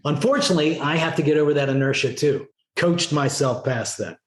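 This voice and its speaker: A man's voice: fairly high pitch, brisk, reverberant. A middle-aged man, a former Navy SEAL, telling stories in a casual interview. He leans on "right?" and "you know" as he talks. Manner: animated storyteller, frequent "right?" and "you know". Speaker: podcast guest, former Navy SEAL leader.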